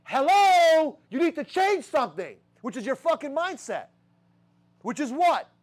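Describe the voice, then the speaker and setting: A young man with a high voice gives a blunt, swear-heavy motivational talk to a sales team. He keeps firing rhetorical questions at them. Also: big pitch swings, moderate pace. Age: young adult.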